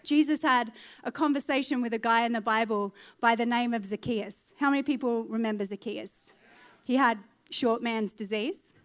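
High-voiced woman preaching a sermon. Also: smooth. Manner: animated, rising to loud emphatic declarations; laughs at her own slip of the tongue.

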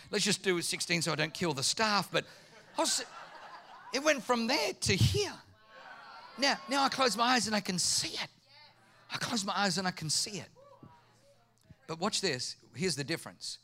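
Lively high-voiced male pastor preaching. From Germany. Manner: animated storytelling, acting out quoted voices. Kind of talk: sermon.

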